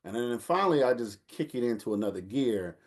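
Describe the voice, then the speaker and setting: A man, telling a lively family story in casual chat and acting out the voices of the people in it. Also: medium pitch, a little fast. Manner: animated storyteller, acts out quotes, laughs while telling. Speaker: older brother telling a story.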